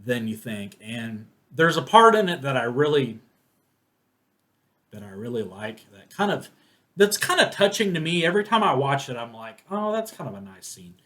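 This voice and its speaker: A man's voice: mid-range voice, very animated, normal speed, fairly bright tone. A man giving a casual, rambling spoken movie review, full of restarts and fillers. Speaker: film reviewer.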